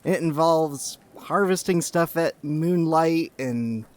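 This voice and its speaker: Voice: mid-range voice, slow. A podcast host leading a casual chat, talking in an earnest, rambling way and often restarting words.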